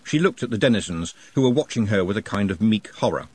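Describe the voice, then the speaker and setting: A man narrating an audiobook in an expressive, wry manner, recorded close to the mic. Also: fairly low pitch, fast, husky. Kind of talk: scripted narration.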